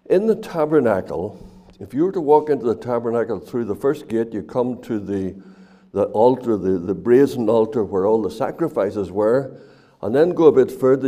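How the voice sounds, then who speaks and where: A man's voice: medium pitch, warm tone. A man preaching a Bible teaching sermon, earnest and given to repeating words as he explains.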